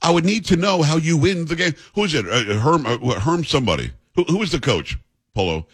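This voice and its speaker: A man's voice: a little high, very animated, a little fast, slightly rough. A male radio talk show host in blunt, joking, opinionated banter with a co-host. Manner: blunt, joking, self-mocking.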